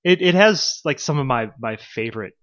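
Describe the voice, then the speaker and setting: A man co-hosting a podcast in casual chat, animated and quick to laugh. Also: medium pitch, highs cut off. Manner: animated, laughs often, quotes scenes in put-on voices. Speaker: podcast co-host.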